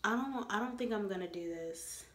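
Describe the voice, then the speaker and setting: A young woman vlogging casually to the camera, chatty and expressive, with big dramatic reactions. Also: mid-range voice, brisk. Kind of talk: casual vlog talk to camera. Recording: echoey room.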